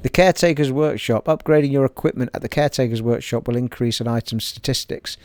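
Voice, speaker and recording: A man recording let's-play commentary, cheerful and thinking out loud. His voice sits at an ordinary middle pitch, and he talks casually through game menus and reads tooltips aloud. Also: fast, no echo. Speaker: gaming streamer.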